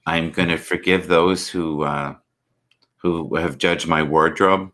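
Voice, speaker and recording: A man's voice: sits low, fairly even intonation, takes it slowly, a bit bright. A man hosting a live stream, chatting earnestly about forgiveness, love and spirit over a video call. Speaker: livestream host. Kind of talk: casual chat.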